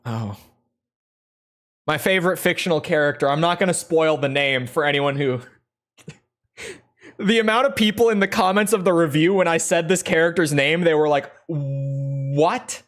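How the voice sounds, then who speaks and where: A woman's voice: deep voice, normal speed, pauses often. A woman streaming a game, chatting casually, rambling and correcting herself as she goes. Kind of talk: casual live-stream chat.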